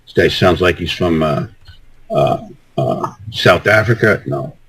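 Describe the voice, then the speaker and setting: A man's voice: low voice, lively intonation, measured pace, fairly bright tone, breathy edge, poor audio. A man talking as a guest on a casual call-in show, rambling and repeating himself as he restarts sentences.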